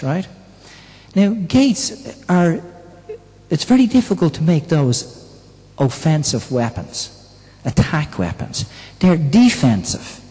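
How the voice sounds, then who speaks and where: A man with a high, warm voice preaches a sermon conversationally, often asking the congregation questions. The recording carries the long reverb of a church hall.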